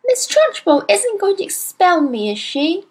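A woman's voice: very high voice, sing-song, unhurried, a little mellow, voice pushed up, exaggerated voice. A woman reading a storybook aloud, voicing an earnest little schoolgirl with eager, pleading urgency.

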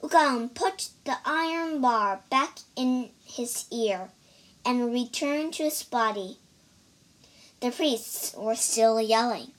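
A storyteller reading a story aloud for language learners, clear and careful, spelling out new words. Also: mid-range voice, takes it slowly, a bit bright. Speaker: storyteller and English teacher.

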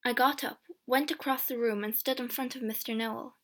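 A woman narrates a storybook in the first person, clear and steady. Her voice is bright and sits fairly high. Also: normal speed, few pauses. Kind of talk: storybook reading.

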